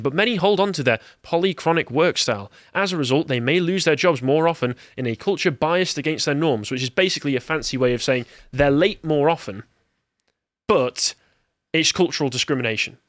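A man's voice: fairly high pitch, brisk, a bit bright, no echo, clean studio sound. An English man co-hosting a podcast, chatting casually and sarcastically about news, reading quotes in mocking voices. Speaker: podcast co-host. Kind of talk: casual political chat.

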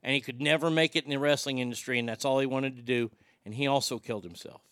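A man's voice: mid-range voice, steady tone, fast talker, fairly bright tone, clean tone, no echo, studio quality. A man hosting a podcast in a casual, rambling style, emotional and swearing freely. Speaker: podcast host. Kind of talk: casual chat.

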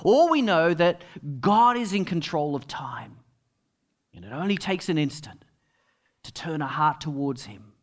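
A middle-aged man preaching a sermon as pastor, telling stories and dropping to quiet asides. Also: on the high side, very animated, unhurried. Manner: storytelling, with dramatic drops to quiet asides.

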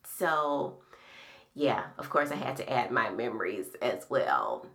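A middle-aged woman hosting a podcast, telling personal memories in a slow, soft-spoken, reflective way. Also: rumbling low, big pitch swings. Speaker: podcast host. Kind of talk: casual heartfelt conversation.

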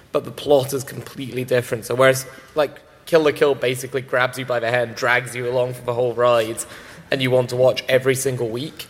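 A man chats on a convention panel, eager and rambling, full of likes and ums. His voice sits in the middle range and rings out with the long reverb of a big hall. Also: medium pitch. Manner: enthusiastic, rambling with many fillers. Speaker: anime distributor panelist.

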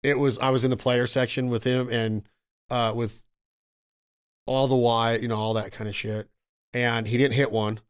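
A man in casual podcast chat, telling excited, profane stories and calling his friend "bro" and "dude". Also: medium pitch, normal speed, long pauses, smooth.

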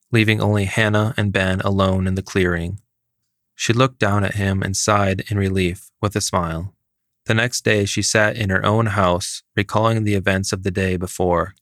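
Low-voiced man narrating a fairy tale. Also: a bit bright, no room sound, studio quality. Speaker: story reader.

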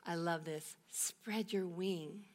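A woman's voice: lowish voice, fairly even intonation, slow pace, darkish tone. A woman pastor giving a sermon, telling a Bible story with rhetorical questions and emphatic repetition.

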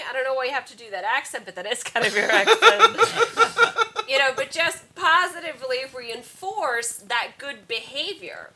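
Chatty lady podcast host, higher voice, really bright, laughs a lot. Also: very animated, normal speed. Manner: chatty, laughs often, acts out quotes. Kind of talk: casual chat.

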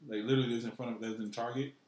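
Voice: medium pitch, fairly even intonation, rapid-fire, darkish tone. Laid-back co-host in echoey room. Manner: laid-back, laughing along, agreeing. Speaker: podcast co-host. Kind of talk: casual chat.

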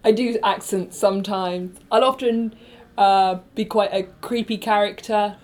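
A woman's voice: mid-range voice, fairly even intonation, a little slow, a little mellow. A woman guest on a podcast chatting casually about improv, self-deprecating and laughing often.

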